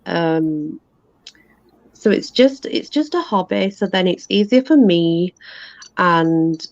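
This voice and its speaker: A woman's voice: lowish voice, expressive, slow pace, no echo. A woman chatting candidly as a guest on a live stream, repeating her points as she goes. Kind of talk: casual chat. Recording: dull, dry lo-fi call audio.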